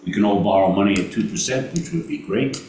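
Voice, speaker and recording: A man with a Brooklyn accent running a committee meeting, reading out payments and figures with many halting fillers. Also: lowish voice, a little mellow. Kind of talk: meeting business. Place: meeting room. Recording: echoey room from far off with noise.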